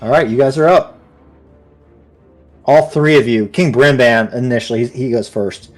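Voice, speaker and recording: A man narrating as the game master of a tabletop fantasy game, describing the action in an animated way. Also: mid-range voice, normal speed, faint music behind.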